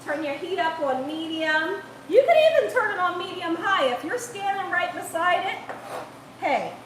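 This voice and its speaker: A woman's voice: extremely high pitch, moderate pace, a bit bright, roomy sound, a little hiss or hum, poor audio. A woman hosting a live cooking stream, chatty and laughing often as she reads the chat aloud. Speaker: cooking channel host. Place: home kitchen.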